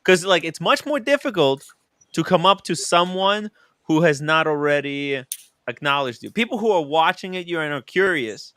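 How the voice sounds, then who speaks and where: A man's voice: a little high, expressive, moderate pace, fairly bright tone, smooth, no room sound. A man hosting a live stream, chatting in an easygoing, joking way. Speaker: stream host. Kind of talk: casual chat.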